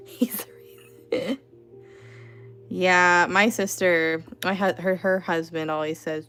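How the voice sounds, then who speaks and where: A woman's voice: on the low side, fairly even intonation, slow pace, long pauses, fairly bright tone, soft background music. A woman hosting an art livestream from home, chatting casually with lots of "like" and "you know".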